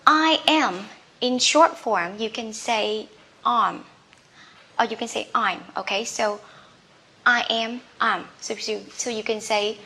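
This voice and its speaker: A woman teaching English, saying each word slowly and repeating it for learners, often checking with "okay?". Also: on the high side, pushed and bright. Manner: ends points with a checking "okay?". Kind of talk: slow drilled English lesson.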